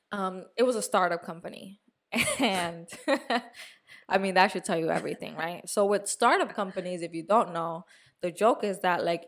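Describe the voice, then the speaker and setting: A young woman co-hosting a podcast, telling a story in a casual, animated way, now and then swearing and dropping in Spanish words. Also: on the low side. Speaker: podcast co-host. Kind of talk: casual chat.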